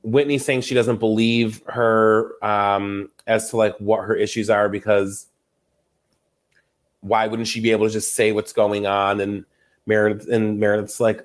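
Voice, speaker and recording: A young man hosting a podcast, recapping reality TV gossip in a casual, animated, profane way with frequent laughs. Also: on the low side, measured pace. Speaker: podcast host.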